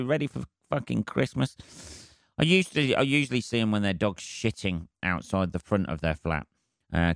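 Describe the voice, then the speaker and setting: A man's voice: low voice, fairly bright tone, dry recording, clean studio sound. A man hosting a comedy podcast, rambling wryly and swearing freely through his own stories.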